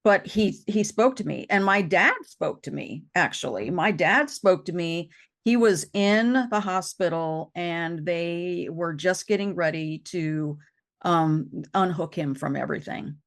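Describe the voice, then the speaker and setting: A woman talking about losing loved ones, halting and repeating herself as she tells it. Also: low voice. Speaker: co-host. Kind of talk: emotional personal conversation.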